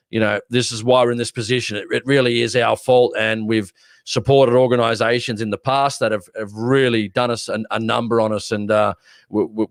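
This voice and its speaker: A man's voice: fairly low pitch, no echo. Australian male co-host, blunt ranter, stutters on repeats, dry sound. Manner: blunt, ranting, repeats words when worked up. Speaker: podcast co-host. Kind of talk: casual livestream chat.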